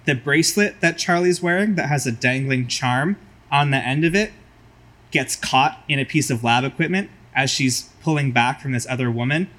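A man's voice: medium pitch, moderate pace, a bit bright. A man narrating vividly as game master of a tabletop role-playing game.

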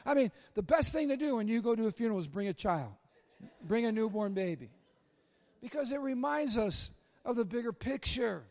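A middle-aged male pastor with a high-pitched voice delivers a joking, story-driven sermon in a church. He swings between loud, excited bursts and quiet, hushed asides. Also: normal speed. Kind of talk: humorous sermon. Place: church sanctuary.

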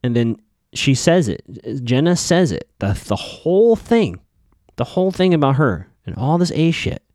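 A man's voice: fairly high pitch, very animated, normal speed, dark tone, dry recording, clean studio sound. A man hosting a podcast, giving a casual, opinionated recap of a TV episode with skeptical asides. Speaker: podcast host.

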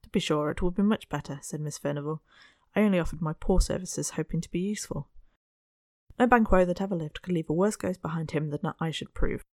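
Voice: medium pitch, fairly quick, no room sound, close to an everyday voice. Genteel young lady in an audiobook, modest and polite, read by the narrator; dry, close sound. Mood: demure.

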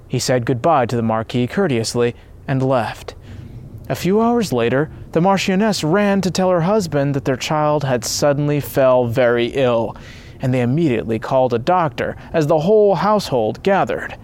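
A man's voice: medium pitch, animated, moderate pace, a little mellow. A man narrating a saint's life story in an earnest, devotional scripted reading.

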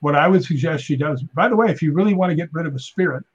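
Husky guest spinning animated stories. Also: male voice, a little high, quick pace, lo-fi sound. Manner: animated joke-telling, acts out voices in stories. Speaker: podcast guest, stuntman and paranormal investigator. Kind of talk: casual storytelling chat.

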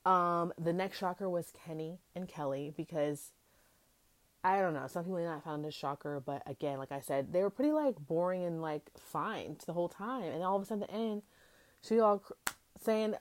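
A young woman hosting a podcast, recapping a reality show in a chatty, animated way and acting out quotes from the cast. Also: on the low side, normal speed, no echo. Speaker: podcast host. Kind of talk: casual recap chat.

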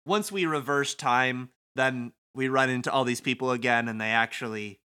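A man's voice: mid-range voice, moderate pace, bright, forceful tone, smooth. A young man co-hosting a podcast, recapping a video game in rambling, casual chat and laughing often. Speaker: podcast co-host.

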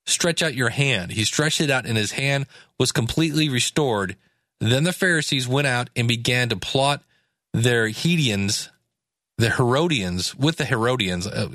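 A man's voice: mid-range voice, no echo, studio quality. A man teaching from the Bible in a casual way, reading scripture aloud and then paraphrasing it in laid-back slang. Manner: animated, acts out quoted lines.

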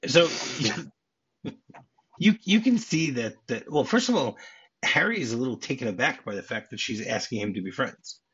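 A man's voice: medium pitch, animated, brisk, fairly bright tone, husky, highs cut off. A man co-hosting a podcast, chatting casually and explaining film scenes and trivia at length. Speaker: podcast co-host.

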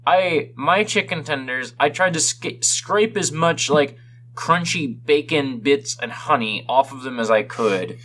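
Animated podcast co-host ranting about food. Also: male voice, fairly high pitch, measured pace, a little hiss or hum. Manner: animated ranting, exaggerated complaints. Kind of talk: casual podcast chat.

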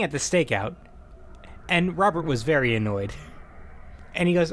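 A man's voice: a little high, expressive, normal speed, pauses often, a bit bright. A man co-hosting a casual podcast, animatedly retelling a film's plot, acting out quoted lines and laughing often. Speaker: podcast co-host recapping a film. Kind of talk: casual chat.

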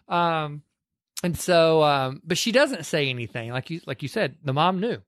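A man's voice: on the high side, lively intonation, moderate pace, a bit bright, no echo, studio quality. A man co-hosting a podcast, casually retelling a film's plot and acting out the characters' lines. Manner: chatty, acts out lines in put-on voices. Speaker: podcast co-host.

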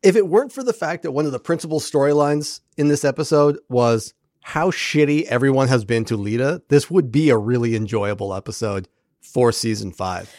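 A man co-hosting a podcast in casual chat, animated and profane, acting out lines from the episode. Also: mid-range voice, fairly quick, dry recording, studio quality. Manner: animated, profane, acts out quoted characters. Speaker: podcast co-host.

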